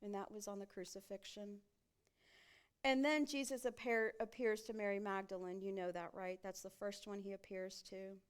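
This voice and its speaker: A woman's voice: medium pitch, steady tone, moderate pace, clean tone. A woman pastor preaching a sermon in a church sanctuary, often turning to the congregation with rhetorical questions.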